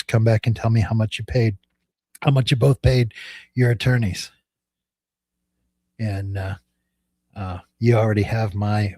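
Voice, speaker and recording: A man's voice: fairly low pitch, darkish tone, dry recording. Chatty male host, dry close sound. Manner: chatty storyteller, laughs often. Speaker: livestream host, attorney. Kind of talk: casual livestream chat.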